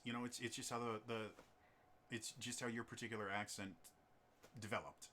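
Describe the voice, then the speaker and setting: A man's voice: medium pitch, steady tone, a little fast, sharp tone, slight background noise. A man running his own tabletop campaign on a stream, chatting in a rambling way with many ums and restarts. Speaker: game master and streamer. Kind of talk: casual chat on a stream.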